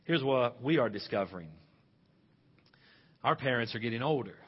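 A man's voice: medium pitch, lively intonation, moderate pace, slightly rough. Emphatic male pastor preaching in a hall. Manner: emphatic preaching with loud rising exhortations. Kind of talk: sermon. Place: church sanctuary. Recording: dull reverberant hall recording.

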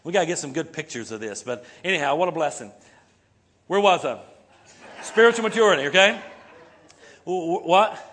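Pastor, male, high-pitched, preaches in a chatty way, punctuates with "right?", asks the room to repeat key words. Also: animated, moderate pace, pauses often, fairly bright tone. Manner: conversational, many "right?" and "okay?" tags. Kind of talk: sermon. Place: church sanctuary before a congregation.

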